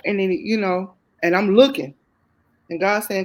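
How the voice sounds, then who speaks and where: A woman's voice: medium pitch, fairly even intonation, normal speed. Woman, Southern US accent, heartfelt, faith-filled, repeats phrases for emphasis, candid testimony. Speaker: guest.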